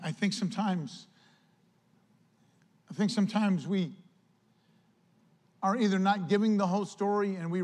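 High-voiced animated male pastor. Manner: animated preaching, acts out quoted voices. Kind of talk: sermon.

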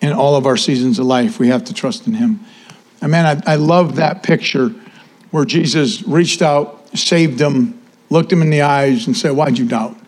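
A man, preaching a sermon and giving church announcements in an animated, casual way. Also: fairly high pitch, moderate pace. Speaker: pastor.

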